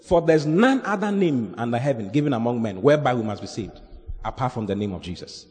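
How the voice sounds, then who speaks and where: A man preaching an evangelistic sermon, swinging from loud animated shouting to low, earnest scripture reading. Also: quick pace, in a large hall.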